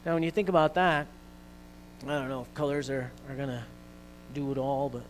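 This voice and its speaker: A man preaching a sermon in a conversational way, with fillers and restarts, growing louder and more intense when he quotes scripture. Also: medium pitch, fairly quick, a little hiss or hum, rough recording. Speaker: pastor.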